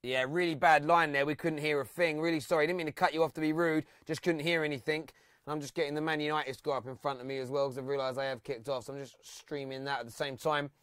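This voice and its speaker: Brief: male phone-in host, lively and chatty, higher voice, dry mic. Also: fast talker, smooth, no echo. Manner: excitable, reads out fan comments and stats. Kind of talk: live fan phone-in chat.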